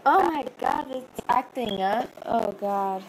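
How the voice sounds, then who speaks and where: Self-deprecating young woman streaming slowly. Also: on the high side. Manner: self-deprecating, rambling, giggly. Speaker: animator streaming her work. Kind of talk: casual live-stream chat. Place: home, seated at a computer. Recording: noisy home live-stream audio.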